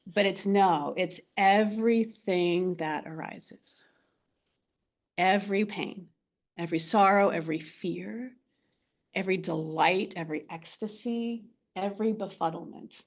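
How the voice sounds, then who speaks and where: A woman leading a meditation class, giving a gentle dharma talk and often checking in with "right?" and "okay?". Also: medium pitch, moderate pace, dull audio. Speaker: meditation teacher.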